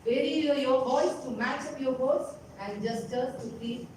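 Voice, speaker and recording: A woman's voice: sits high, normal speed, a little mellow, slight background noise. A woman teaching a public speaking lesson to young students, often checking in with her listeners as she explains. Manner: instructive, often checking in with "okay?" and "isn't it?". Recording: very echoey room, voice far from mic.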